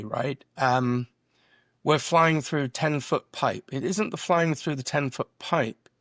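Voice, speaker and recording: A middle-aged man, guest on a podcast, telling lively work stories and acting out conversations in quoted voices. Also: mid-range voice, no echo, clean studio sound. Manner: animated storyteller acting out dialogue. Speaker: guest, drone business founder. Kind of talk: podcast interview.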